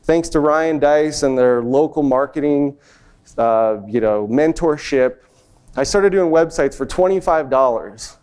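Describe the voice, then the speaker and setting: A young man speaking at a conference, telling a personal success story on stage in an animated way and acting out the people he quotes. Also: fairly high pitch, clean tone. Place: event stage before an audience.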